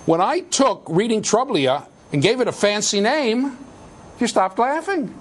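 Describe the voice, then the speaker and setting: A man's voice: high voice, unhurried. A middle-aged man lecturing a university class, swinging his voice up and down with lots of life. He teases the students with jokes and raises his voice to drive points home. A faint hum of the lecture hall sits behind him. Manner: animated, jokey, shouts for emphasis.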